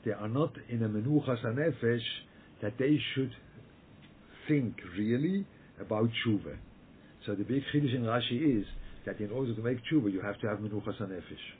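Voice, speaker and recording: A man leading a Torah study group over a video call, speaking emphatically and repeating himself, often restarting his sentences. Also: medium pitch. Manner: emphatic, repetitive, halting with frequent restarts. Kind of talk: Torah talk over a webinar. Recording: tinny phone-like call audio with faint noise.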